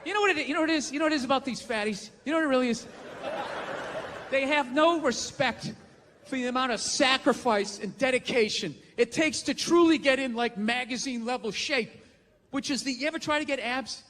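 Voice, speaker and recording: A male stand-up comedian, profane and ranting, shouting his punchlines during a live routine. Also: extremely high pitch, brisk, some chatter behind, a little hiss or hum. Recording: live theater with long reverb and faint ambience.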